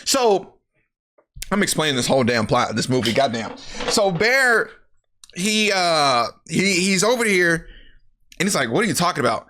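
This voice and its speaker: A young man casually recapping a movie plot to his viewers, animated and profane, jumping into the characters' lines as he goes. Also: measured pace, long pauses. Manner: animated, profane, acts out characters' lines in jumpy higher voices.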